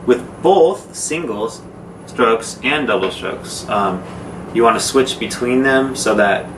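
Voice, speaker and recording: A man gives a laid-back drum lesson, explaining strokes in plain, informal words. His voice sits at an ordinary pitch and is picked up from across an echoey room, with noise in the background. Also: slow pace. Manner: relaxed, informal, with fillers and demonstrations. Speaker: drum teacher. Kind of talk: casual instructional talk. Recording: echoey room, mic far off, noisy.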